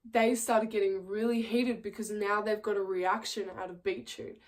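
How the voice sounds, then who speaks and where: A woman's voice: mid-range voice, steady tone, normal speed. A young woman telling a story in a casual, chatty way, with lots of fillers and frequent laughing. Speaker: vlogger. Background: faint background music.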